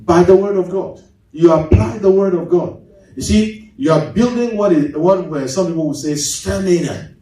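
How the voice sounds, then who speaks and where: A man preaching a sermon as pastor, swinging his pitch sharply and mimicking congregants. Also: normal speed, mellow. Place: large church hall. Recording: echoey hall, mic at a distance.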